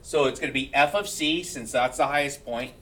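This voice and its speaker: A man's voice: medium pitch, a little fast, pushed and bright, distant mic. Man teaching math, a bit off-mic. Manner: keeps checking in with "right?", joking asides. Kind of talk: classroom lecture. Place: classroom.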